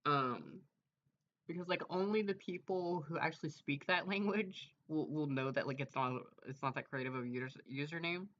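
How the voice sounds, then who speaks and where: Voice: medium pitch, moderate pace, a bit bright, highs cut off. A streamer chatting casually and rambling, full of fillers and trailing thoughts. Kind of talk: casual livestream chat.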